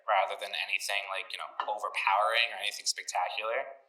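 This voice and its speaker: A man co-hosting a sports podcast, explaining points in a measured, casual way. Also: lowish voice, flat delivery, sharp tone, reverberant, distant mic, low-quality recording. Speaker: podcast co-host.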